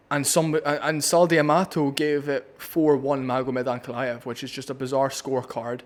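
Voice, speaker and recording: Blunt Scottish man ranting about fights. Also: mid-range voice. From Scotland. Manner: blunt, opinionated and profane. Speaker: MMA commentator. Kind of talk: casual fight breakdown vlog.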